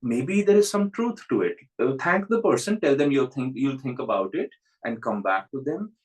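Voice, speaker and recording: A man's voice: medium pitch, animated, normal speed, low-quality recording. A man who is a spiritual teacher, giving a reflective spiritual talk and telling stories with frequent chuckles.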